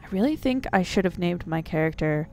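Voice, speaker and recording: A woman hosting a let's play, giving excitable, sarcastic gameplay commentary, swearing freely and yelling at enemies. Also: fairly low pitch, a little fast, faint music behind.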